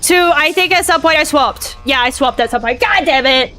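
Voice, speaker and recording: A woman's voice: high voice, moderate pace, pushed and bright, faint music behind. A young woman streaming a game, talking herself through it in a frantic, swearing way. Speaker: VTuber streamer. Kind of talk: live gameplay commentary.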